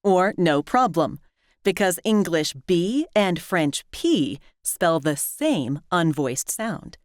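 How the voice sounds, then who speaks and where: A woman narrating a scripted lesson, clearly and deliberately, stretching out the example words. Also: fairly low pitch, very animated, a little mellow, no echo, studio quality. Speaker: language teacher.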